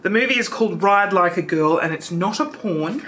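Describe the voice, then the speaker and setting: A man chatting to the camera in a comedy vlog, self-mocking and quick. His voice moves in lively swings with a bright, forward edge. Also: sits high, slight background noise. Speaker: vlogger.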